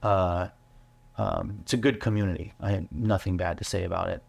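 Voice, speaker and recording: A man, a business owner, telling his story in an interview, earnest and halting with many fillers and restarts. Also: low voice, steady tone, vocal fry. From United States. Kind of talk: candid interview talk.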